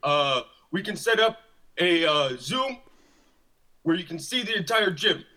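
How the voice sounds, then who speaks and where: A man's voice: sits high, animated, a little slow, pushed and bright, exaggerated voice. A man playing a stiff, robotic gym salesman who talks like a drill sergeant and keeps repeating slogans. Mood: stiff salesy. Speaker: gym caller.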